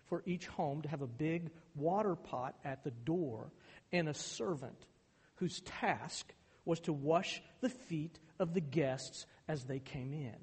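A man's voice: on the high side, slow, a little mellow, slightly rough. A male pastor preaching a sermon, his delivery turning emphatic and intense on key points. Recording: hall reverb.

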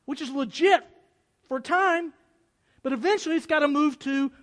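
A man preaching a sermon as pastor, earnest, swinging from loud pleas to hushed, quiet passages. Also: very high voice, lively intonation, a little slow. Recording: long hall reverb.

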